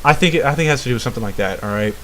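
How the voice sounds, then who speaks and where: A young man vents about an online gamer in a loose, foul-mouthed rant. He stumbles through fillers and restarts and keeps tossing in "all right?" as he goes. His pitch sits at an ordinary middle height for a man. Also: expressive, very fast, fairly bright tone, slight background noise. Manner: swears constantly, keeps asking "all right?"; rambling, full of "uh" and restarts. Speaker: channel host. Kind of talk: profane gaming rant.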